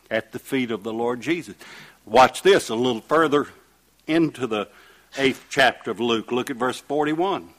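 This sermon features a man with a middle-pitched voice who recites King James scripture and asks rhetorical questions. His delivery swings from emphatic loud high points down to hushed side remarks.

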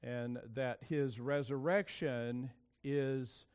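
A man's voice: medium pitch, fairly even intonation, very slow, darkish tone, clean tone. A man preaching a sermon, opening with prayer and explaining word origins in an easygoing, thinking-aloud way. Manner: casual, thinking aloud with fillers. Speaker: pastor.

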